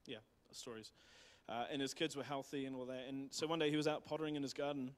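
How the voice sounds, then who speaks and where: A man's voice: medium pitch, little pitch movement, quick pace. A man with a New Zealand accent retelling a missionary's story in a church talk, rambling with many fillers and restarts. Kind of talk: casual sermon storytelling.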